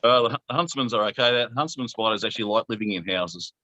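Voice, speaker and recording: A man's voice: lowish voice, quick pace, bright, forceful tone, dull audio, a little hiss or hum. A middle-aged Australian man hosting a casual video chat, easygoing and chuckling. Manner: easygoing, laid-back, chuckling. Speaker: host.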